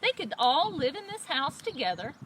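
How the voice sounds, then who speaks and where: Casting: female children's librarian, high and very lively storytime voice, noisy recording. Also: normal speed. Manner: expressive, lively storyteller voice for kids. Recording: loud background noise.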